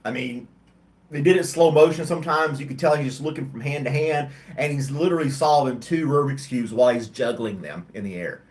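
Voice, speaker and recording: A man's voice: medium pitch, brisk, darkish tone. A man hosting a casual livestream chat, tired and yawning, talking in a rambling, hesitant way with many ums and restarts. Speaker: host of a livestream chat show. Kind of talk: casual chat with live chat viewers.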